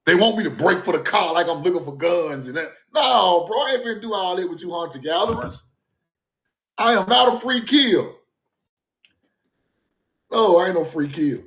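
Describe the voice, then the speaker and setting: A man's voice: sits high, expressive, moderate pace, pauses often, a bit bright, roomy sound. A man talking off the cuff on a livestream, emphatic and repeating himself, often breaking into laughter. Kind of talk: casual livestream monologue. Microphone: phone or streaming mic.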